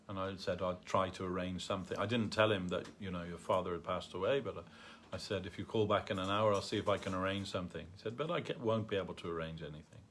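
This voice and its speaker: A man telling a story at a temple gathering in a halting way, with many fillers and restarts. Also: low-pitched, steady tone, a bit bright, slight background noise. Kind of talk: storytelling talk. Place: temple hall.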